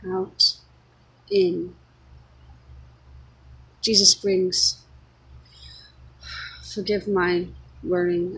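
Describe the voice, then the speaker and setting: A woman's voice: mid-range voice, unhurried, pauses often, a bit bright, slight background noise, rough recording. A woman giving an earnest, unscripted spiritual monologue, speaking her thoughts as they come to her. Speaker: vlogger sharing spiritual reflections.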